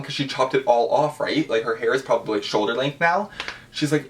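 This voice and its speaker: A man's voice: medium pitch, a little fast, a little hiss or hum. Gushing young man. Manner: gushing, animated, with many fillers. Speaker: vlogger. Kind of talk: casual storytime vlog.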